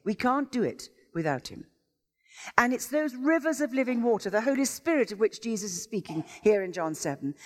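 A woman delivers a sermon with real enthusiasm, her pitch rising and falling in lively swoops. Her exclamatory storytelling carries through a church with a long, ringing reverb. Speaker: visiting preacher. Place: church sanctuary.

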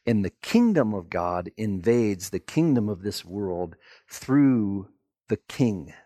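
A man preaching a sermon, telling the story in an animated way and acting out the people in it. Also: on the low side, takes it slowly, dry recording. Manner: animated storytelling, acts out voices. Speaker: pastor.

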